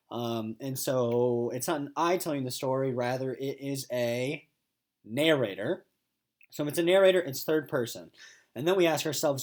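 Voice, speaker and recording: A male teacher giving a recorded lesson to middle schoolers, explaining point of view and reading story passages aloud. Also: medium pitch. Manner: animated, reads story passages aloud with voices.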